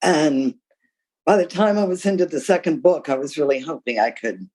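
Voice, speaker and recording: Here a guest author, an older woman, responds to an interviewer with candid, emphatic answers and vivid tales from her working life. Her voice sits low at a moderate pace, on a rough recording.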